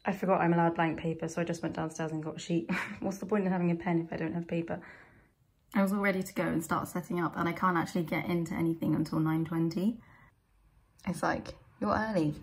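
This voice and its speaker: A woman's voice: fairly low pitch, steady tone, fairly quick. A young woman, chatting casually in a home vlog, rambling and self-deprecating as she talks from her bedroom. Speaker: vlogger.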